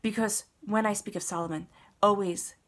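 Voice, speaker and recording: A woman's voice: mid-range voice, steady tone, normal speed. A woman giving a casual, earnest tarot reading, talking straight to the listener and repeating words for emphasis. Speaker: tarot reader.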